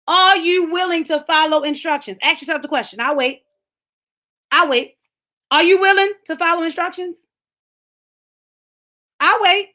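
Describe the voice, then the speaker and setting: Middle-aged woman, fervent motivational preacher, high bright voice, casual phrasing. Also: moderate pace, long pauses. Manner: fervent preaching, talks straight to listeners by name; colloquial, rising to shouts. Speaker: speaker of a lunchtime empowerment talk. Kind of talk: sermon-style motivational talk.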